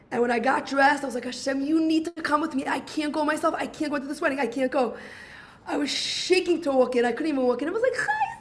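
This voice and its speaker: A woman giving an emotional, animated personal testimony over a video call, acting out the people she quotes. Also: high voice. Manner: emotional, animated storytelling, acts out quoted dialogue. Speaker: guest speaker sharing her story.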